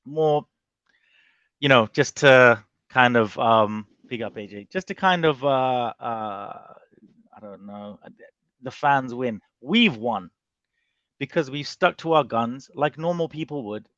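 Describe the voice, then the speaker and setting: A man speaks as a panelist on a call, with animated, rambling talk full of restarts. His voice is dry and a little dull, as if from a home mic. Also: mid-range voice, slow pace, no room sound. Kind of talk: casual chat on a boxing panel show.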